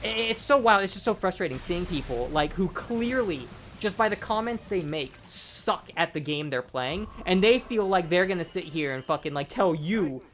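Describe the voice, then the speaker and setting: A man's voice: high voice, expressive, moderate pace, hardly any pauses, fairly bright tone, slight background noise. A tipsy young man rambling and swearing as he commentates his own gameplay. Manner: rambling, heavy swearing, frequent restarts.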